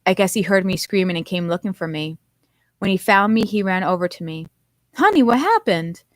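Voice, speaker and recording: A woman's voice: lowish voice, fairly even intonation, fairly quick, dry recording. A woman author reading her own novel aloud in first person, narrating expressively.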